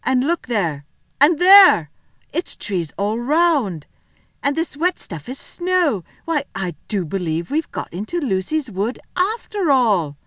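A woman reading aloud, voicing an earnest, bossy older schoolboy in a brisk, emphatic way. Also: on the low side, sing-song, no room sound.

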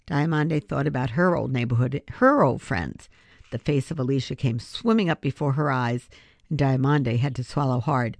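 Low-voiced woman reading a children's book aloud. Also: normal speed, no room sound. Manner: expressive, storytelling. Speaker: reader.

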